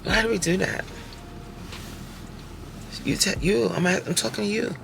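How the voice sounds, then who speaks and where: A woman in her forties, a fitness coach vlogging casually from her car, talking straight to viewers with lively rhetorical questions. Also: medium pitch, unhurried, gravelly. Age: 40s. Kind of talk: casual chatty vlog while driving. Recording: faint car noise in background. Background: faint road and vehicle noise.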